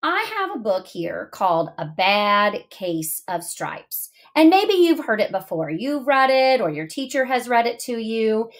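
Woman teacher, lesson for little kids, slow and bouncy, higher voice. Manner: lively, encouraging, talks directly to children. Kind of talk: recorded lesson for young students.

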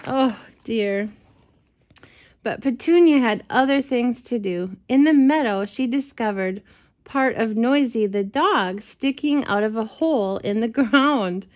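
Give me a woman reading a storybook to a child, expressive and unhurried. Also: a little high, highs cut off. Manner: gentle, expressive, chatty asides. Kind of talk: read-aloud storytelling to a child.

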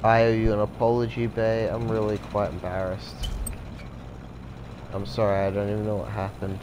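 A man's voice: fairly low pitch, monotone, normal speed, noisy background, lightly acted. A man voicing a drunk, clumsy young female cat in a video game, rambling and apologetic. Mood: sloppy.

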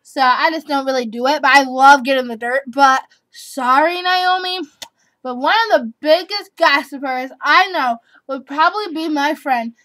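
A woman's voice: high voice, fairly bright tone, no echo. An eleven-year-old girl chatting casually on her vlog, giggly and rambling, repeating herself as she answers tag questions. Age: child, eleven. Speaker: vlogger.

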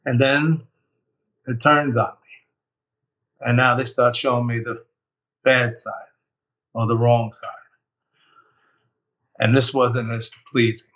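A man's voice: mid-range voice, flat delivery, slow, pauses often, a bit bright. Earnest man telling his story, slightly distant. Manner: earnest, heartfelt storytelling with frequent "you know". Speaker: near-death experience survivor. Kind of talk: personal testimony.

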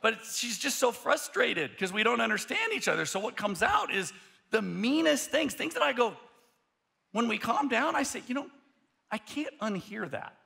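Gravelly, bright-voiced male pastor preaching. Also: very high voice, normal speed. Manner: animated storytelling with repeated restarts. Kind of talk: sermon.

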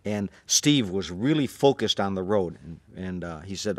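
Male martial arts teacher, lively anecdote teller, dry close recording. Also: low-pitched, normal speed, dry recording. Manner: animated, acts out the voices in his story. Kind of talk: anecdotal storytelling.

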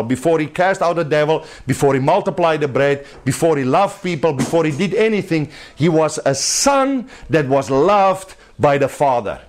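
A man whose voice is distinctly high-pitched preaches to a few people assembled in a home. He speaks with emphasis while staying conversational, and light laughter slips in now and then.

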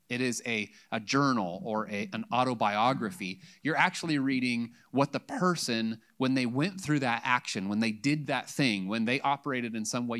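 A man's voice: medium pitch, a bit bright. Casual, conversational man preaching. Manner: conversational, acts out voices of psalm writers. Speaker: pastor. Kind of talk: sermon. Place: church.

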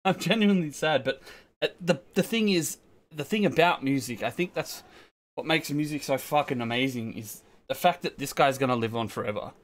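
A man's voice: mid-range voice, normal speed. An Australian man hosting a reaction video, talking emotionally and casually, swearing a lot and restarting sentences.

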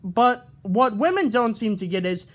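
A man's voice: sits high, lively intonation, moderate pace. A man vents into his camera in a heated, rambling rant. His speech is full of swearing, and he keeps breaking off sentences to restart and correct himself. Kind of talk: ranting vlog. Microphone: camera mic.

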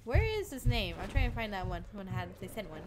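A woman's voice: medium pitch, big pitch swings, quick pace, over music. A woman streaming games, chatting casually and giggling, greeting viewers by name. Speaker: game streamer. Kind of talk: casual live-stream chat.

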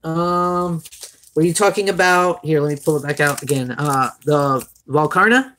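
A man's voice: on the high side, normal speed, sharp tone, a little hiss or hum. A young man from Florida with a Floridian Southern accent, chatting casually on a live stream as he opens card packs and greets viewers by name.

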